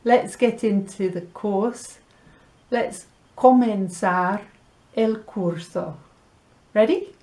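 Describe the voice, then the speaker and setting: A woman teaching a Spanish lesson, drilling sounds clearly and slipping Spanish words into her English. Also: mid-range voice, dark tone. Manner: slow, clear pronunciation drills with light laughs. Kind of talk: recorded language lesson.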